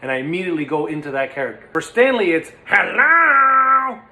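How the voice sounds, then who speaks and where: A man's voice: fairly high pitch, expressive, very fast, fairly bright tone. A young man teaching puppetry in a casual, playful way, recorded in an echoey room. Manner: playful, demonstrative, slips into silly voices. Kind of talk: casual instructional talk. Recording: echoey room with faint noise.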